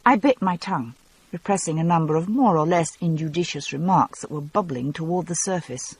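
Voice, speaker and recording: Husky-voiced woman narrating an audiobook. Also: low-pitched, fairly quick, low-quality recording. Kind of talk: first-person novel narration.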